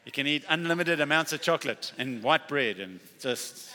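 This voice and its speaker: Preacher in a reverberant hall. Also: male voice, fairly high pitch, lively intonation, moderate pace, pushed and bright, slight background noise. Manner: conversational preaching with acted-out dialogue and emphatic repetition. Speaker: pastor. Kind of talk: sermon.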